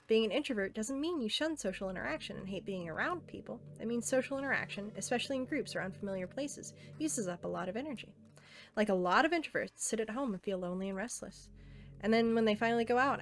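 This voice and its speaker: A woman reading aloud as a self-aware teenage game girl, earnest and intimate, softly pleading. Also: mid-range voice, lightly acted.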